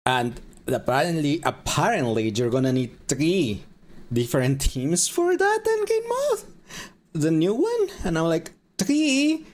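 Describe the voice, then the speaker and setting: A man streaming a game, chatting casually with viewers and rambling with halting pauses. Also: fairly high pitch, very animated, darkish tone. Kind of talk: casual live-stream chat.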